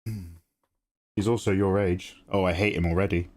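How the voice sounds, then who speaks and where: A man's voice: low-pitched, steady tone, normal speed, a little mellow. A sleepy young man chatting casually while drawing on a live stream, telling stories with frequent laughs and swearing. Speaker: art streamer.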